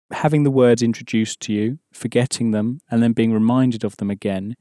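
A man's voice: mid-range voice, mellow, dry recording, clean studio sound. A man teaching an audio language course, patiently explaining and prompting the learner to answer.

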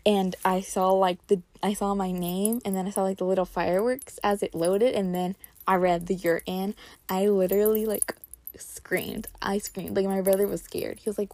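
A woman's voice: medium pitch, fairly even intonation, fairly quick, darkish tone, no room sound. A young woman telling a personal story in a casual vlog, full of "like" fillers. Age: young adult. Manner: chatty, heavy on "like" fillers. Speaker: incoming college student.

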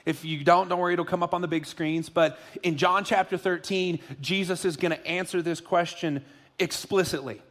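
Joking, lively man preaching a sermon. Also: high-pitched, normal speed. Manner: joking and animated, then earnest. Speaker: pastor. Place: church auditorium.

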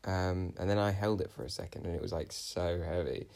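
Here a young male podcast co-host chats casually, telling a meandering dream story packed with "um"s and "I was like." His voice sits low with a darkish tone and fairly even intonation, and he talks fairly quickly.

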